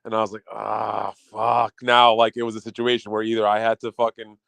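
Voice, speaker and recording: A man's voice: lowish voice, monotone, fairly quick, vocal fry, a bit bright, no echo. A man telling rambling stories on a casual podcast, swearing freely and acting out what people said. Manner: rambling storyteller, swears freely, acts out quotes. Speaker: podcast co-host. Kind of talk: casual chat.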